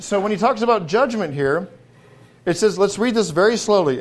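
A middle-aged man preaching a sermon in a folksy way, building to emphatic, drawn-out stresses on key words. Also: high voice, lively intonation.

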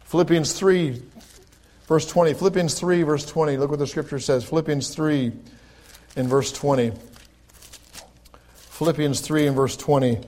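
A man's voice: a little high, steady tone. A male pastor preaching a sermon, reading scripture aloud and then explaining it in conversational asides. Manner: rises to loud, slow, emphatic preaching when reading scripture; conversational asides between quoted verses.

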